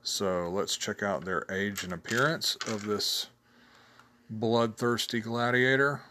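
A man with a somewhat low voice hosts a casual solo show. He talks in a loose, chatty way and laughs at his own jokes. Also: fairly even intonation, slow, sharp tone, a little hiss or hum. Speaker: host reviewing tabletop game blogs.

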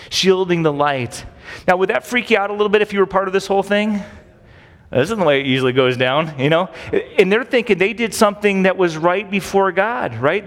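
A man teaching through a Bible passage as a pastor, in a casual, conversational way, often checking in with rhetorical questions. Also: a little high. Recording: long reverb.

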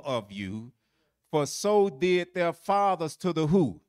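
A man's voice: fairly high pitch, sing-song, slow pace. A man teaching a Bible lesson, quizzing listeners with fill-in questions and repeating phrases for emphasis.

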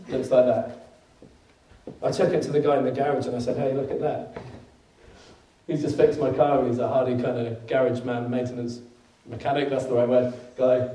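A man's voice: medium pitch, dark tone, slight background noise. Preacher man in an echoey hall. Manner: conversational storytelling, laughs often, rises to emphatic peaks. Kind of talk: sermon with personal story. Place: church hall. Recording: echoey room, mic at a distance.

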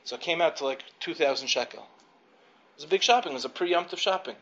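A man's voice: a little high, fairly quick, fairly bright tone, slightly rough. A man teaching a class of girls, telling a story in a conversational way, with frequent fillers and restarts. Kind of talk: storytelling lecture. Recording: dull lo-fi recording with faint background noise.

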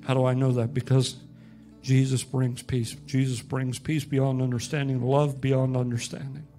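A man's voice: mid-range voice, flat delivery, normal speed, faint music behind. Impassioned male pastor preaching. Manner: impassioned, rising to loud emphatic peaks. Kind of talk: sermon.

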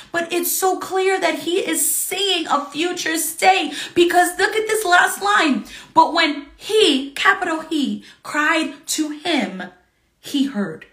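A woman teaching a Bible study lesson, earnest and excited, reading scripture aloud with feeling. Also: high-pitched, reverberant.

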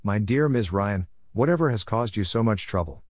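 A sly parish priest with a dry wit, read by a male narrator, soothing and gently teasing in a fairly low voice. The sound is close and dry, as in a storybook reading. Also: expressive, normal speed, dry recording. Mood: wry soothing.

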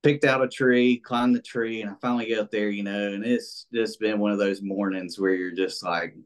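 A man tells a story in a relaxed podcast chat. He rambles, full of fillers and restarts, and acts out what people said to each other. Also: on the low side, normal speed. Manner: rambling and animated, many fillers, acts out quoted speech. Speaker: interview guest, bow hunter. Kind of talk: casual storytelling in a podcast interview.

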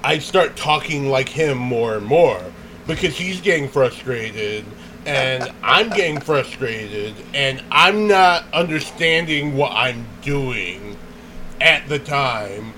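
Acting out the voices of the people in it, a man relays a funny story in a casual chat, lively and laughing frequently. He speaks slowly at a medium pitch, on a rough recording with a bit of hiss or hum.

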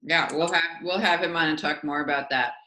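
A woman co-hosting a podcast, talking in a relaxed, chatty way. Her voice is gravelly and sits low, yet it has a bright, forceful edge. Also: brisk. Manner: chatty, enthusiastic. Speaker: podcast co-host. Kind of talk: casual chat.

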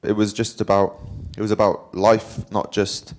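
Low, flat-voiced man. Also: a little slow. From Wales. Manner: rambling, self-deprecating, with filler words. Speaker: interview guest, professional cyclist. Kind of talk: casual storytelling at a live talk.

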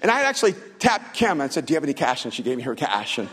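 A man preaching a sermon, telling stories with acted-out dialogue and building to loud, fervent passages. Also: medium pitch, very animated, rapid-fire, husky. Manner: storytelling with acted-out dialogue, rising to shouts. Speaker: pastor. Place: large church hall. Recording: long hall reverb.

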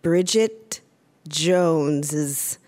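A woman's voice: sits low, drawn-out words, a little mellow. A woman quiz contestant, answering hesitantly.

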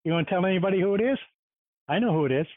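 A man's voice: high voice, expressive, rapid-fire, dry recording. An older man co-hosting, rambling through old stories in casual chat. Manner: rambling storyteller. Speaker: co-host. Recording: tinny phone line.

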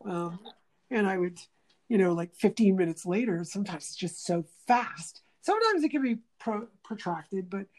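In a casual interview, a woman with a mid-range voice speaks at a moderate pace. She's an animated storyteller who acts out quoted speech and restarts phrases as she thinks aloud.

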